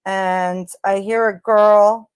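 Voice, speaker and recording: A woman's voice: medium pitch, little pitch movement, extremely slow, clean tone, no echo. A woman narrating her analysis of crime-scene audio, speaking tentatively with fillers and speculation. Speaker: true crime commentator.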